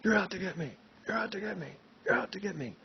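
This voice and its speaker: Guy impersonating a paranoid president yelling high and loud, gravelly, kinda muffled recording. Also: animated, fast. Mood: frantic. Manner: screaming, repeating himself. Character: paranoid angry male president shouting. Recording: dull lo-fi recording, faint noise.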